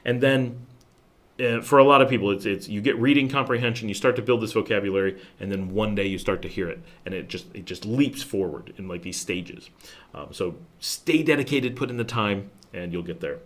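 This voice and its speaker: Chatty lower-voiced American man. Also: a little fast. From United States. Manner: rambling and chatty, many restarts, drops to a mumble at times. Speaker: livestream host answering viewer questions. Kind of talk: casual livestream Q&A. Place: home in Nicaragua.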